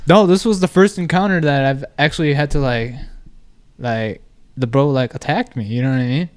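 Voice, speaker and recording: A man telling a story on a podcast in casual chat, animated and constantly checking in with the listener. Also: medium pitch, normal speed, smooth. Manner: animated storytelling, constant "you know what I mean".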